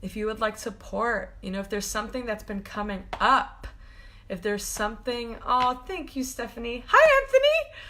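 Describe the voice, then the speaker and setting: A woman's voice: mid-range voice, steady tone, moderate pace, pushed and bright, a little hiss or hum. A woman hosting a live stream as a spiritual coach, gushing and affectionate, laughing often and rambling loosely with lots of fillers. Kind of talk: live-stream talk to viewers.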